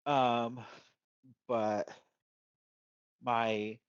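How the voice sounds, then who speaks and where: A man's voice: medium pitch, little pitch movement, very slow, clear, resonant tone, dry recording, lo-fi sound. A man co-hosting a casual wrestling chat, rambling with lots of fillers and restarts. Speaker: podcast co-host.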